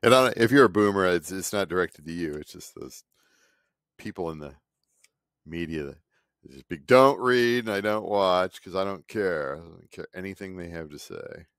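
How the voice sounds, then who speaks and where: Cranky low-voiced man in his fifties. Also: moderate pace, fairly bright tone, no room sound, clean studio sound. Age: 50s. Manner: cranky, sarcastic, mocking others in put-on voices. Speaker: artist vlogger. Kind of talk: casual rambling monologue. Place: home studio.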